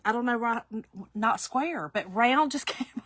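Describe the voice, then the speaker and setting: Bright-voiced chatty woman. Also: fairly high pitch, lively intonation, measured pace, no echo. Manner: chatty, laughs often, talks to viewers by name. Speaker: craft livestream host. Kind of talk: casual live craft demo chat.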